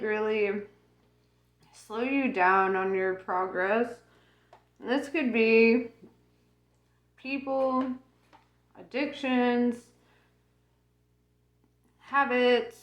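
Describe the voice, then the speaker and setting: Casual tarot reader, woman, unhurried and chatty with frequent laughs, roomy sound. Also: medium pitch. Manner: laughs often, rambling with many fillers. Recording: roomy echo.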